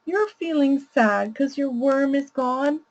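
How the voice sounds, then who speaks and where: A woman voicing a calm, understanding parent who gently names a child's feelings. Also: high-pitched, takes it slowly, dull audio, pitched above the performer's own voice. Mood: gentle. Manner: gentle, validating.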